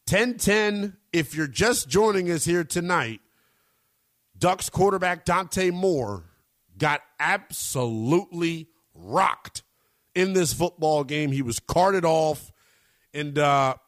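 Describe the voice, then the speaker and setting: A man hosting a college sports radio show, talking with big swoops in pitch and slangy emphasis. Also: animated, takes it slowly, a bit bright, no echo, clean studio sound. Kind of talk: energetic sports talk radio.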